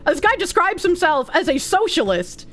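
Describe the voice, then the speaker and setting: A woman's voice: very high voice, big pitch swings, moderate pace, fairly bright tone. A woman streamer with a Boston accent, chatting bluntly and casually with her viewers, swearing often and breaking into laughs.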